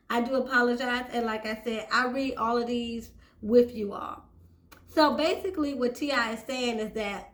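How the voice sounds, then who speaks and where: A woman hosting a celebrity gossip channel, casually reading out a news story and giving her opinions, sometimes stumbling over the words. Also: on the high side. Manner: chatty, opinionated, stumbles while reading aloud. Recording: echoey room.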